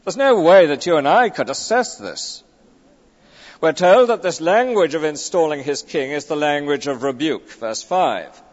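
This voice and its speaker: Male preacher, fairly high and very animated voice, emphatic sermon delivery, long echoing church reverb. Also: measured pace, dull audio. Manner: emphatic, with rhetorical tag questions. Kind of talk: expository sermon. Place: large church.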